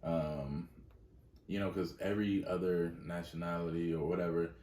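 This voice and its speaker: A man's voice: low-pitched, little pitch movement, moderate pace, dark tone. A man co-hosting a podcast in casual chat, emphatic and opinionated. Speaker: podcast co-host. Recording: echoey room, distant from mic.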